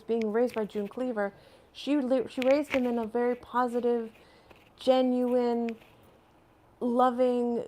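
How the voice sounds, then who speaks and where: Woman, live stream host, casual chat from home, rambling, answers viewer comments, laughs often, gravelly voice. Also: a little high, warm tone. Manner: laughs often between phrases.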